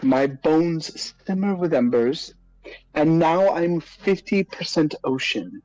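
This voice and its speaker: A man's voice: fairly high pitch, animated, takes it slowly, rough recording. A man doing a furious fire-born warrior. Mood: wounded dignity. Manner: theatrical ranting, shouting in rage. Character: hot-tempered fire-born man, soaked, furious at ocean.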